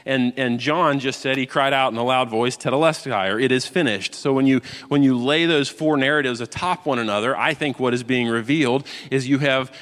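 A man preaching a sermon, moving from quiet explanation to loud, impassioned proclaiming. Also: medium pitch. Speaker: pastor. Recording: long hall reverb.

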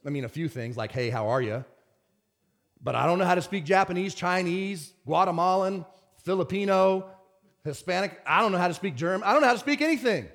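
High-voiced preaching pastor. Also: male voice, fast, creaky. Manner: animated preaching, swings from shouts to whispers. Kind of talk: sermon.

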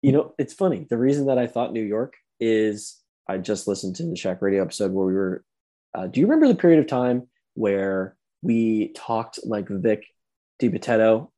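A man's voice: fairly low pitch, expressive, normal speed, mellow. A young man co-hosting a podcast over a remote call, chatting casually, laughing easily and restarting his sentences. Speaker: podcast co-host. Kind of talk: casual chat.

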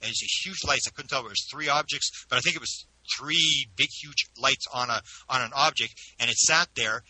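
A man who is an interview guest, telling a personal story in an animated way with frequent restarts. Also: medium pitch, a little fast, few pauses, a little hiss or hum, poor audio. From Canada.

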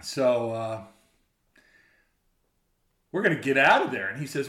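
A man with a mid-range voice tells a story in casual chat, a little slowly and with long pauses, animated and laughing often. He acts out the shouted quotes, and the recording has a roomy echo.

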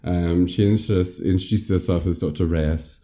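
Casual podcast host, rambling plot recap, deep and dark tone. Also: male voice, steady tone, normal speed. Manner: rambling, many ums and likes, laughs at himself. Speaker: podcast host reviewing a film. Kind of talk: casual film recap chat.

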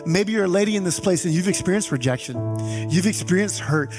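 Pastor guy preaching, kinda high voice, chatty and animated, big echoey church with soft music under. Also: fast. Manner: animated, conversational preaching with audience asides. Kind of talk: sermon. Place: church sanctuary. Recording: reverberant hall with faint music.

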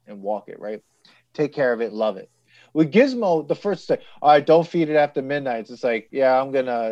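A man's voice: mid-range voice, no room sound, dull audio. A man co-hosting a podcast, chatting casually and acting out little scenes as he tells stories. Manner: animated storytelling with acted-out voices. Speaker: podcast co-host. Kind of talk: casual chat.

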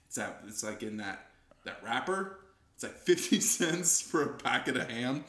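A man's voice: medium pitch, animated, moderate pace, fairly bright tone, echoey room. A young man co-hosting a podcast, joking around in casual chat and laughing often. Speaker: podcast co-host.

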